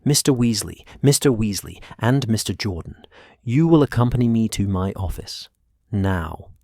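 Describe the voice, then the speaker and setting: A man's voice: on the low side, animated, moderate pace, a little mellow, no echo, clean studio sound. A man playing Professor McGonagall, stern and Scottish. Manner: clipped, cold, commanding.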